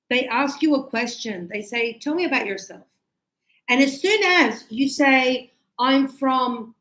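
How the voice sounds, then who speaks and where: A woman teaching English in a live class, chatty and animated, acting out little dialogues as she explains. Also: a little high, roomy sound, poor audio.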